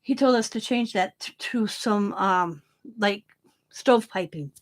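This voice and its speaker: Blunt, animated woman telling a story. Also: medium pitch, slow. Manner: animated, blunt, swears freely. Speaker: craft channel host. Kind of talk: casual storytelling while crafting.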